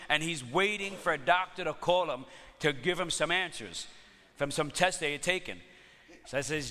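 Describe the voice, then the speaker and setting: A man preaching a sermon, telling stories in an animated way and laughing often. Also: on the high side, fairly quick, in a large hall. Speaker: pastor.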